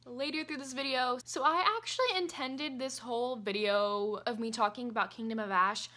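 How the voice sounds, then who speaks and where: A woman's voice: on the high side, moderate pace, pushed and bright. A young woman, gushing in a casual book vlog from her apartment. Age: young adult. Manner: giddy, gushing, talks with laughs and repeats. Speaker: book vlogger. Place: apartment room, indoors.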